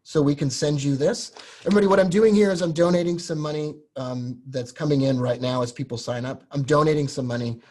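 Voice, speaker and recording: Husky earnest man pitching a course. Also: steady tone, fairly quick, hardly any pauses, a little mellow. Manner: earnest, emotional, talks straight to viewers. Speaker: host selling a trading course. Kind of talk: live-stream sales pitch.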